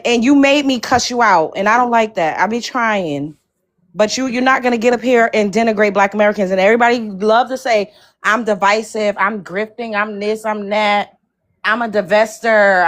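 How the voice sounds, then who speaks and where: A woman's voice: medium pitch, normal speed, a bit bright. A woman on a livestream panel, talking in a combative, profane, emphatic way. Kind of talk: heated livestream panel talk.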